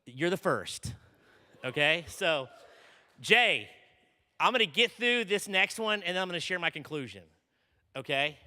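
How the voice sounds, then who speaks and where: A man's voice: sits high, animated, unhurried, pauses often, pushed and bright. A man preaching to students, telling a story energetically and often checking in with "okay?". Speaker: conference speaker. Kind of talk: sermon. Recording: long reverb in a large hall.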